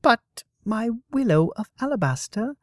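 A man voicing a blunt, brusque young female muse with a husky voice, in a storybook reading. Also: high-pitched, sing-song, a little slow, no room sound, clean studio sound, voice pushed up. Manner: blunt and offhand.

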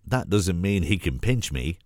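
A man with a cold voicing a tearful little girl, high and pleading. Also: very animated, unhurried, dry recording, studio quality. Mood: indignant. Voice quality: cold-roughened deep voice. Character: upset little girl Sophie.

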